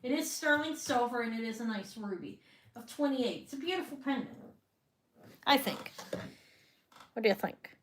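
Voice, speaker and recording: A woman's voice: fairly high pitch, lively intonation, moderate pace, pauses often, fairly bright tone, slight background noise. Chatty woman selling jewelry live. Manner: chatty, rambling, trails off and restarts. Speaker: online jewelry seller. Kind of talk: live sale chat.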